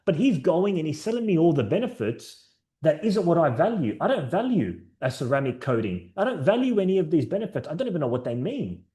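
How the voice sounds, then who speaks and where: A man's voice: fairly high pitch, big pitch swings, brisk, warm tone. A man presenting a sales training session to his team over a video call, upbeat and encouraging, telling stories. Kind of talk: live online training session.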